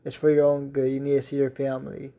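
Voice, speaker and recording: A man voicing a wealthy, kind teen schoolgirl in a read-aloud fan story, speaking calmly and gently firmly in his own near-everyday voice. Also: medium pitch, fast talker, natural voice.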